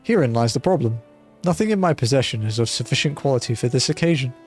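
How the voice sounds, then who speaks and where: A man's voice: medium pitch, expressive, fast talker, darkish tone, breathy edge, soft background music. A man doing a genteel blind ex-mercenary wine merchant. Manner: genteel, courteous, old-fashioned formal speech. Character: blind retired male mercenary turned wine merchant, refined and observant. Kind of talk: reading game dialogue aloud.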